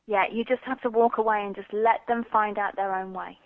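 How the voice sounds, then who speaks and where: A woman from Birmingham with a light Birmingham accent, a guest telling stories in an animated, chatty way over the phone. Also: mid-range voice, a little fast, no echo. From Birmingham, England. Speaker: guest psychic medium. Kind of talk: casual interview chat. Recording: tinny phone line.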